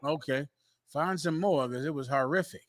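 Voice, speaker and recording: A man hosting a talk show, giving forceful preaching commentary and repeating phrases for emphasis. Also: a little high, moderate pace, no room sound. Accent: American.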